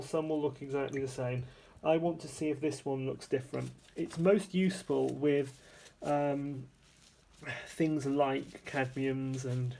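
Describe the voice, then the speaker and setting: A man with a gravelly, fry-edged voice at a middle pitch talks through a painting demonstration at his table. He is relaxed and chatty, thinks out loud, and corrects his own wording mid-sentence. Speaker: art supplies reviewer demonstrating paints. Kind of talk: casual hands-on painting tutorial.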